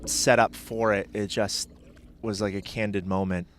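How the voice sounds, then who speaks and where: A man's voice: fairly low pitch, level tone, moderate pace, very noisy. A man chatting casually as a podcast guest, rambling and hesitant with lots of filler words.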